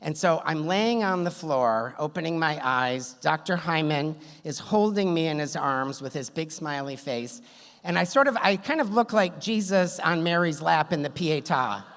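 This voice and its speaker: Speaking at a normal pace, this man has a fairly high, expressive and slightly bright voice. He's onstage in a theater hall at a story slam, spinning a humorous true story with wry self-deprecation and good timing. Long reverb from the hall colors the on-stage recording.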